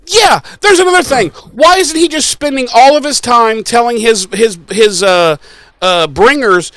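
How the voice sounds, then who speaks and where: A man's voice: very high voice, animated, normal speed, fairly bright tone, dry recording. A man co-hosting a podcast, recapping a show in crude, exasperated casual chat and acting out the characters' lines. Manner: crude, exasperated, acts out quotes. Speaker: podcast co-host.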